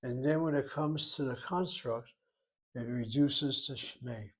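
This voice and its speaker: In an informal Hebrew lesson, a man walks through the grammar step by step, thinking aloud as he works. His voice is mid-range and measured, with a breathy edge.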